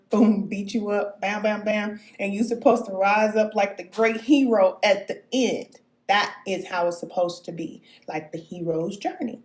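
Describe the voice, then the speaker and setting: A woman's voice: medium pitch, a little mellow, reverberant. A woman giving a live-streamed spiritual talk as a spirit guide, answering viewer comments, emphatic and preachy, often checking in with "okay?" and chuckling. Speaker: self-described spirit guide.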